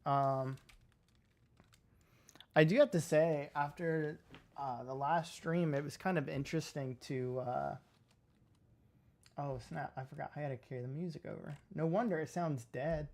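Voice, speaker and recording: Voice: mid-range voice, fairly even intonation, unhurried, pauses often, darkish tone. A livestreamer in casual stream chat at a home setup, rambling with many fillers and poking fun at themselves. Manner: rambling, filler-heavy, self-deprecating. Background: faint music and keyboard typing.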